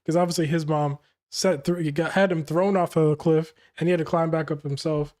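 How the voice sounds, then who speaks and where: An excitable man reacts to a comic chapter in a loose, slangy way. He laughs often, and his voice sits fairly high. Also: a little fast. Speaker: manga reaction host. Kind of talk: casual reaction while reading a comic chapter aloud.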